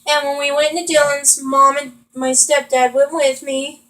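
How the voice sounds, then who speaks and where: Young woman ranting while gaming, high bright voice, keeps restarting sentences. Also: flat delivery, a little slow, low-quality recording. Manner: rambling, frustrated venting with restarts. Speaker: vlogger. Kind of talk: casual chat while playing a video game.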